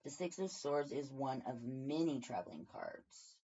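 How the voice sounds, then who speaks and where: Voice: mid-range voice, very animated, measured pace, warm tone, slightly rough. A tarot reader giving a casual daily reading from home, rambling and thinking aloud with many fillers. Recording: dull lo-fi recording.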